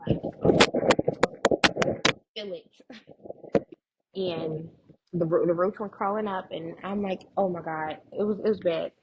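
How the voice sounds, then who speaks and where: A young woman telling her personal story as a guest in an interview, lively and expressive, often quoting other people. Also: fairly low pitch, muffled recording, slight background noise. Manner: animated retelling with quoted voices and laughs.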